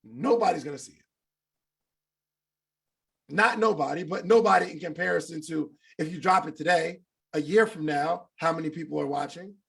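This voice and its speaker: A man with a high, heavily gravelly voice coaches a live online class, emphatic and repetitive. His tone is husky and rough, and he drives each point home by raising his voice. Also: normal speed, pauses often. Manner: emphatic and repetitive, urges and sometimes shouts. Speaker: podcasting coach.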